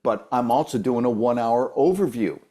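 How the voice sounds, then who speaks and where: A man talking as a guest voice-over coach, giving casual advice in an animated way that acts out quoted voices. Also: medium pitch, fairly quick.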